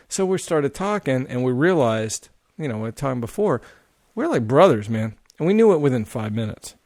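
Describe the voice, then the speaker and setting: A man guesting on a podcast, telling a long casual story in a rambling, animated way full of fillers and swearing. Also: mid-range voice, a little fast, no echo, clean studio sound.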